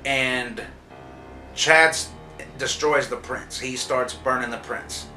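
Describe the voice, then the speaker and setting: A man's voice: medium pitch, slow, sharp tone. A man reviewing a TV episode in a casual spoiler recap, telling the story loosely with frequent swearing and fillers. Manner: loose, profane storytelling with lots of "like" and "uh". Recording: roomy echo, distant mic, faint music.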